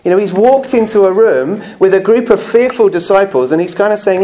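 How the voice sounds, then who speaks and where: A man whose voice sits high with a dark tone gives a church sermon. His manner is earnest and conversational, with slow, emphatic lines and occasional humour.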